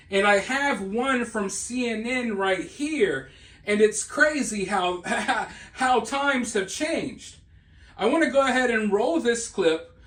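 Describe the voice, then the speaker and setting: A man's voice: sits high, a bit bright, echoey room. A man from the South, hosting an opinionated political commentary monologue in an emphatic, scornful way, speaking straight to his viewers. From Southern United States.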